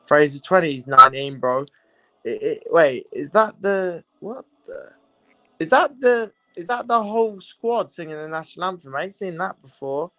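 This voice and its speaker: A man's voice: on the high side, expressive, moderate pace, pushed and bright, no room sound. A young man hosting a live football watchalong, chatting casually, repeating himself and greeting viewers. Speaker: livestream watchalong host. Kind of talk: casual live commentary chat.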